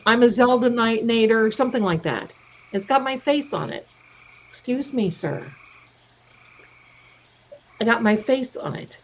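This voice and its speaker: A woman's voice: a little high, slightly rough. Chatty woman telling stories on a livestream. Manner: chatty, animated, acts out quoted voices. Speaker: livestream host. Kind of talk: casual storytelling chat. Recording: dull lo-fi stream audio.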